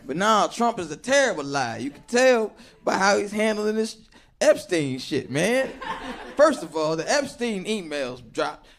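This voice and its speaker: High-voiced animated man doing stand-up. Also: a little slow. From Chicago. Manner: animated storytelling, acting out voices, loud bursts. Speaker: stand-up comedian. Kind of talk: stand-up set before a live audience. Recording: live club set with audience laughter.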